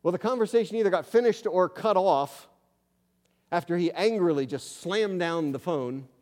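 Preaching man in a reverberant sanctuary. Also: high-pitched. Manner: animated storytelling, swings between loud emphasis and quiet asides. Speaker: pastor. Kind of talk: sermon. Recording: long hall reverb.

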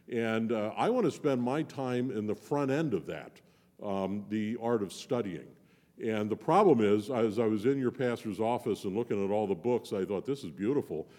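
In a church with long reverb, a visiting preacher delivers a sermon in a folksy, joking, conversational manner. His voice is fairly low and warm.

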